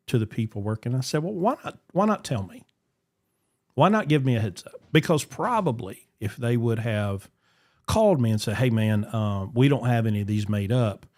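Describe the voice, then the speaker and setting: A man, hosting a podcast and telling a story in casual chat, acting out the voices he quotes. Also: medium pitch. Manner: animated, acts out quoted voices. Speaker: podcast host.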